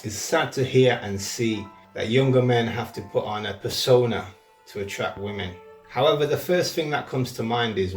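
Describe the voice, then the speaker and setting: A man's voice: on the low side, creaky. A man, hosting a reaction commentary and giving blunt advice on dating. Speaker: commentary host. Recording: echoey room with faint music.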